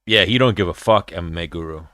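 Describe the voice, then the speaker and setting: A man's voice: sits low, quick pace, fairly bright tone, clear, resonant tone, dry recording. A man hosting a casual livestream chat while watching fights, blunt, profane and rambling. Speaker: podcast host.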